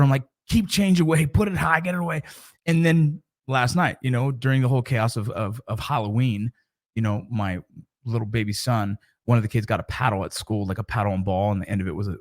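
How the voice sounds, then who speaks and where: A middle-aged man and father talking casually to camera about mentoring, in a rambling, conversational way with frequent restarts. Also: medium pitch.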